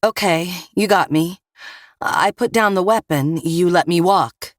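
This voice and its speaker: A tough woman police officer who speaks carefully and pleadingly, as the woman narrator plays her. Her voice is low and even, and the recording is dry and close with no room around it. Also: unhurried, no echo, lightly acted. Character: tough female police officer under threat.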